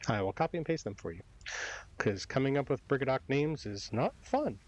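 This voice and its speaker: A man's voice: medium pitch, lively intonation, a little fast, poor audio. A man narrating as game master for a tabletop game, rambling with many hesitations.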